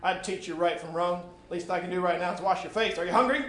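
Man doing a big stern older woman, loud and high, scolding and folksy, story read aloud, echoey room. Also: quick pace. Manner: firm, scolding, folksy speech. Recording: echoey room with faint noise.

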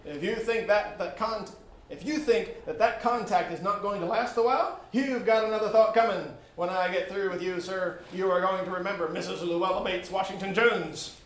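Stern, booming older woman, as a man puts her on. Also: moderate pace, lightly acted. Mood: scolding. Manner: firm, scolding, folksy speech. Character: stern, large older woman scolding a boy. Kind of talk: reading a story aloud. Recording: echoey room with faint noise.

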